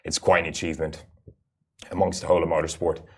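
A man's voice: sits low, little pitch movement, quick pace, breathy edge. A man, a rally racer and guest, giving earnest, explanatory interview answers with frequent "uh" fillers. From Ireland.

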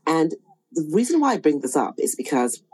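A woman with a deep, warm-toned voice hosts an interview. She speaks in a measured, reflective way and gently encourages her guest. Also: sing-song, breathy edge, low-quality recording. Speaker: podcast host.

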